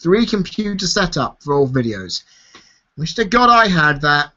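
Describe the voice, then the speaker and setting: A man's voice: a little high, sing-song, measured pace, bright, forceful tone. Tired guy on a lo-fi live stream. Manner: casual, swears freely, laughs often. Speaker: YouTube host answering viewer questions. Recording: dull lo-fi stream audio.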